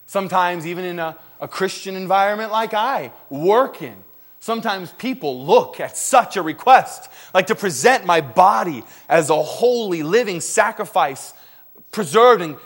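A man preaching a sermon, swinging between loud emphatic peaks and hushed low lines, acting out the voices he quotes. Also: husky. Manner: animated, acts out quoted voices, laughs now and then.

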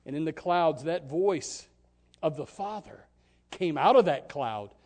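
A man delivering an impassioned sermon in a high, sing-song voice that climbs and falls all over. He swings from near-shouts to hushed, quiet lines and often stumbles over repeated words at the start of a phrase. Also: expressive, a little slow. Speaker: preacher.

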